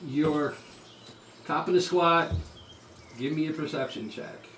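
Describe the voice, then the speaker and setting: A man running a tabletop game, with relaxed narration full of small pauses. He sounds far from the mic in an echoey room, with steady loud noise behind him. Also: on the high side. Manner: relaxed, halting narration with frequent ums. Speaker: game master.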